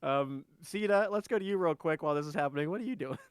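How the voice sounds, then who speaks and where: A man's voice: fairly high pitch, fast talker, clear, resonant tone, no room sound, clean studio sound. Laughing, loose-talking male game master. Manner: laughs often, loose chatty narration with many fillers. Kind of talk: narrating a tabletop game.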